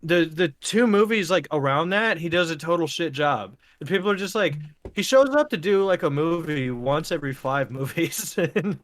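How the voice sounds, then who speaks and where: A man's voice: on the high side, lively intonation, normal speed, a bit bright, dry recording. A young man co-hosting a podcast in casual chat, rambling, swearing and laughing often. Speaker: podcast co-host.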